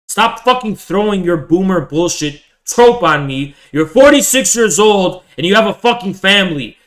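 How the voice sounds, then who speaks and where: A man's voice: on the high side, fairly bright tone. A man in his twenties streaming live, ranting at viewers in a profane, hectoring way and repeating himself. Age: 20s. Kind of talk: angry livestream rant.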